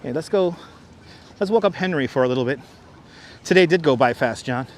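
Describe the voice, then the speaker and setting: A man's voice: a little high, expressive, brisk. Chatty man streaming a city walk. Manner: chatty, restarts phrases, thanks viewers. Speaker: livestream host. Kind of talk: casual walking-tour livestream. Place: outdoors on city streets. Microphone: wireless clip-on mic.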